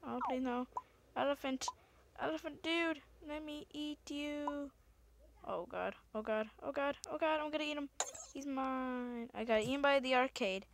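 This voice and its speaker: A woman giving excitable let's-play commentary, often exclaiming and swearing at the game. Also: high voice, moderate pace, slight background noise. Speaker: gamer.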